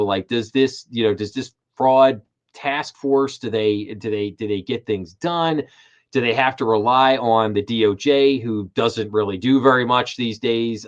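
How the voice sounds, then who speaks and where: A middle-aged man hosts a live finance commentary stream in a medium-pitched voice, and the recording sounds muffled. He's emphatic and repeats his words when he gets worked up.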